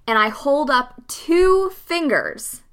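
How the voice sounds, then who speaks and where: A young woman talks through a personal story in a casual interview, blunt and unfiltered. Her voice is bright and forward, and she swears freely and speaks without hedging. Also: high-pitched, animated, slow. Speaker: interview guest.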